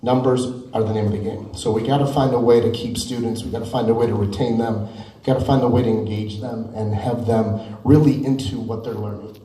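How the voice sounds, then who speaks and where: A middle-aged keynote speaker with a warm, steady, medium-pitched voice talks a little fast, chatty and self-deprecating, telling stories packed with asides. The mic sits at a distance in an echoey hall.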